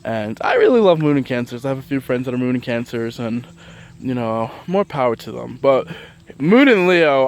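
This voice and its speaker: A man's voice: medium pitch, big pitch swings, unhurried. A man chatting casually about astrology in a vlog, rambling with lots of fillers and restarts and often breaking into laughter between points. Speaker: vlogger.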